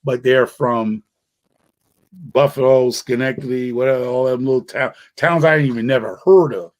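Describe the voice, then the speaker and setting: A man's voice: mid-range voice, normal speed. Laid-back New man chatting. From New York City. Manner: rambling, laid-back, slangy. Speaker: podcast host. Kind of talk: casual chat.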